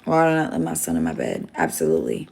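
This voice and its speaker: A woman's voice: extremely low pitch, huge pitch swings, fast, gravelly, darkish tone. A young woman telling a rambling, candid story to her viewers on a phone live stream, swearing freely. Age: young adult.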